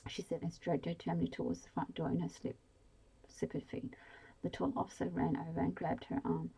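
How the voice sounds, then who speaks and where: A woman whispers a bedtime story in whispered role-play, low and breathy. Her voice has a gravelly edge and a dark, mellow tone. She reads slowly and evenly, with a few slips along the way. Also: monotone, rough recording. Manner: slow, soothing reading with small slips.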